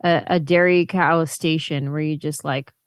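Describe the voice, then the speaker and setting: A woman with a fairly low speaking voice tells stories as a guest, slipping into other people's voices as she goes. The sound is close and dry, with no room in it. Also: moderate pace, no room sound. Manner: lively storyteller who acts out other people. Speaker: comedian guest. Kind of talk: casual podcast chat.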